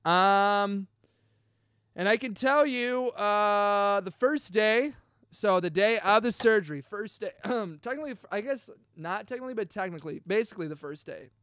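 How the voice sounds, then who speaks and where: Young man, high voice, smooth tone, chatty, excitable podcast storytelling. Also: normal speed, dry recording, clean studio sound. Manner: chatty and excitable, peppers talk with dude and bro. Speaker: podcast host. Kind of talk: casual storytelling.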